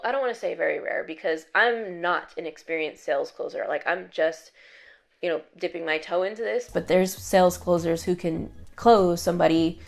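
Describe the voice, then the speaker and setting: A woman's voice: lowish voice, vocal fry. A woman talking to camera in a casual vlog, chatty and upbeat, with lots of fillers and quoted asides. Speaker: online business creator.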